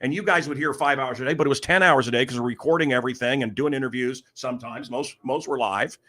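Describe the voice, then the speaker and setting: A man's voice: medium pitch, fast. A middle-aged man hosting a podcast, telling rambling stories in a casual chat and acting out the voices of people he quotes. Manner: rambling, animated, acts out quoted dialogue. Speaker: podcast host. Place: room in a house.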